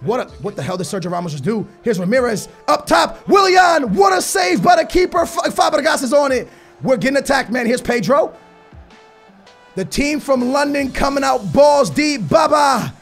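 A young man with a very high, gravelly voice calls a football video game live, swinging between yelling at plays and muttering complaints. His voice sounds strained and worn from shouting, and hip hop music plays faintly underneath. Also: normal speed. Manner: excitable, shouting at the game, slangy. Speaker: gaming YouTuber. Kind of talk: live gameplay commentary.

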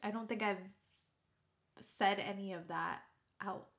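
A woman vlogger speaking to her viewers in a heartfelt, reflective way, halting at times with restarts. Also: mid-range voice, fairly even intonation, vocal fry, fairly bright tone. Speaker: YouTuber. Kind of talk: heartfelt talk to camera.

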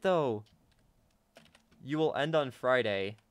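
A young man casually commenting on his own gameplay to viewers, excitable and chatty, often gasping and laughing. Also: medium pitch, measured pace. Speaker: gaming YouTuber.

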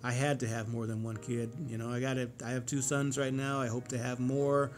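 A man's voice: medium pitch, level tone, a little fast, soft background music. Profane rambling man in his forties. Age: 40s. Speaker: vlogger. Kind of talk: casual monologue to camera.

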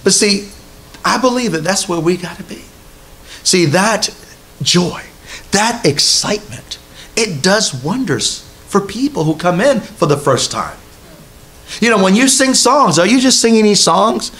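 Male preacher, high voice, conversational sermon delivery, congregation present. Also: lively intonation, measured pace, a bit bright. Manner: conversational preaching with repeated rhetorical questions to the congregation. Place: church hall with a congregation.

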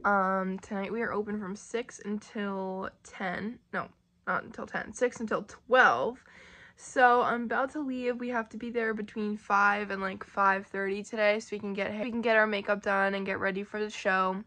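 A woman's voice: mid-range voice, steady tone, moderate pace, sharp tone. A young woman chatting casually in a vlog, rambling with lots of fillers like "like" and "um". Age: young adult. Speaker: vlogger.

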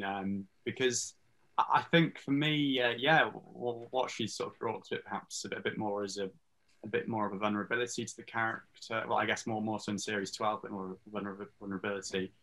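Thoughtful male guest with a low, bright, forceful voice. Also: fairly even intonation, a little fast, poor audio. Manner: thoughtful, searching for words. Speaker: online content creator guest. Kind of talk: casual interview chat.

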